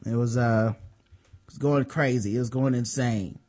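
A man's voice: mid-range voice, fairly even intonation, unhurried, a little mellow. A man co-hosting a podcast, explaining a story in loose, profane casual chat with many restarts. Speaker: podcast co-host.

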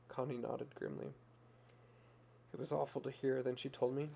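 A man narrating a story in a measured, earnest reading style. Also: mid-range voice, flat delivery, gravelly, mellow, slight background noise.

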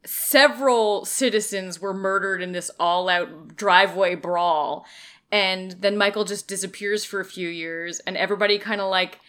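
A woman co-hosting a casual movie review podcast, chatty, quick to laugh and act out lines. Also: medium pitch, a bit bright, clean tone. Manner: chatty, laughs easily, acts out characters' lines. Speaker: podcast co-host.

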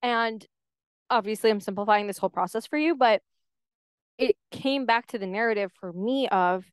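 A woman's voice: mid-range voice, normal speed, clean tone, no echo, clean studio sound. A woman hosting her own podcast, talking candidly and animatedly in a casual solo monologue and often saying "like". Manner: candid and animated, heavy use of "like". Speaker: podcast host.

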